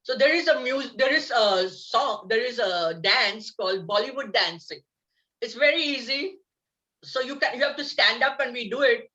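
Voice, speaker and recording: A woman with a bright, ringing tone guides a laughter yoga class, upbeat and coaxing, breaking into laughs as she goes. Her voice sits a little high. It comes through dull, lo-fi video call audio. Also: normal speed.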